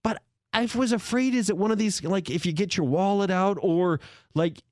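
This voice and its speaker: A man's voice: high-pitched, normal speed, no room sound, studio quality. A man hosting a casual talk show, telling a story hesitantly with many restarts and asides. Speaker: podcast host.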